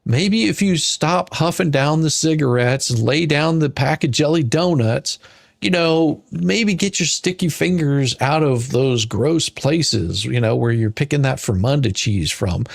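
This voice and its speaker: Gravelly, slow-talking exasperated man. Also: a little high, no echo, studio quality. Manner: exasperated, insulting, sarcastic. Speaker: commentator reading a court filing. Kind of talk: ranting commentary.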